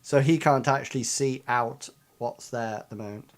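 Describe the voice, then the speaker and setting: A man narrates a tabletop game as its game master. He speaks in a halting way and keeps restarting his sentences while he sets the scene. His voice sits at a middle pitch. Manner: halting, full of restarts and ums.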